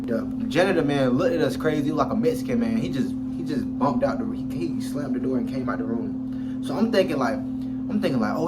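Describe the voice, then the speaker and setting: Young male storyteller, casual slang, lively delivery, over loud backing music. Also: medium pitch. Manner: slangy, animated, acts out quoted voices.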